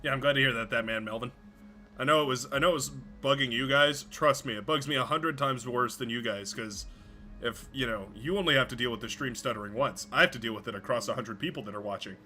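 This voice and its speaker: Male streamer, bright and forceful tone, rambling casual delivery with restarts, faint music underneath. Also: mid-range voice, fast talker. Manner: rambling, stumbles over words, swears casually. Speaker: game streamer. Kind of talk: casual live-stream commentary.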